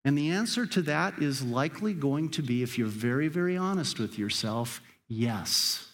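This man's mid-range voice is animated and moves at a normal speed. He's a pastor preaching a sermon, speaking conversationally and directly to the congregation, climbing to urgent, emphatic peaks before easing back down.

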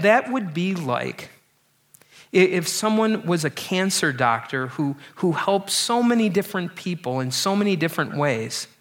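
A man preaching a sermon, earnest and emphatic, often repeating words and dropping low and slow on key lines. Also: a bit bright. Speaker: pastor.

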